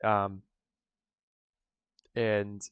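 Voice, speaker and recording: A man narrates a tabletop game as game master, rambling casually and filling pauses with ums and uhs. His voice is smooth and clear, and it sounds dry and close. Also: lowish voice, completely flat delivery, no room sound. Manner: casual, rambling, many fillers.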